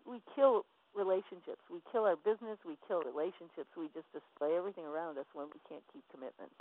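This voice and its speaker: A woman's voice: on the low side, fast, few pauses. A woman business coach giving a passionate, emphatic motivational teaching talk. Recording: tinny phone line.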